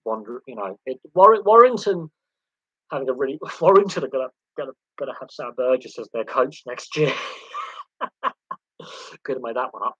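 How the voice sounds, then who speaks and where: A man hosting a relaxed live sports Q&A, talking off the cuff. He rambles, stumbles over repeated words and slips in dark jokes. His voice is bright and a little husky, heard dry and close. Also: mid-range voice, fast talker, no echo, dull audio. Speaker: host of a live sports Q&A stream. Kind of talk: casual live-stream chat answering viewer questions.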